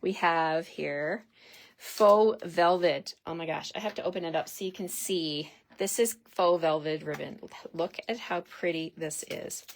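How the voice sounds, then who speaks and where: A lower-pitched woman hosts a live craft supply demonstration, talking in an excited, gushing, chatty way. Her voice comes from a desk mic over a faint hiss. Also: normal speed, gravelly, hardly any pauses.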